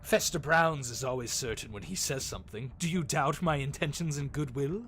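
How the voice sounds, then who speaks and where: A man's voice: mid-range voice, normal speed, a bit bright, lightly acted. A man voicing a boastful, showy male gambler who speaks of himself in the third person. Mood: proud.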